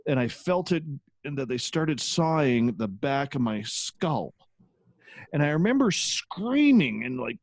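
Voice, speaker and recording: A man's voice: a little high, sing-song, normal speed, no echo. A man, a guest who hosts his own radio show, telling a personal story in a casual, candid interview with occasional swearing.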